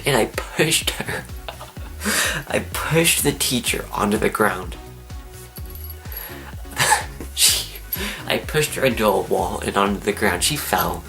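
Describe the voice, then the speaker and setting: A teenage young man, telling a story to camera in an excitable, animated way. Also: fairly low pitch, normal speed, vocal fry, soft background music. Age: teens. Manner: excitable, animated, acts out his own screams and whispers. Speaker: vlogger.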